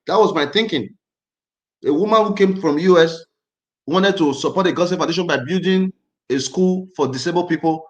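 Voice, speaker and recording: A man's voice: fairly high pitch, moderate pace. Agitated man in an echoey room. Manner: emphatic, repetitive, agitated. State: angry and tense. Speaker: livestream host. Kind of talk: casual livestream chat.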